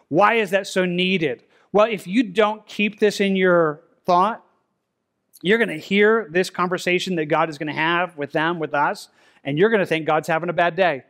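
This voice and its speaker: A man preaching a verse-by-verse sermon in a conversational way, often repeating words and slowing down to read scripture. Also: sits high, fairly even intonation, a bit bright. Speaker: pastor. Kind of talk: expository sermon. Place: church sanctuary.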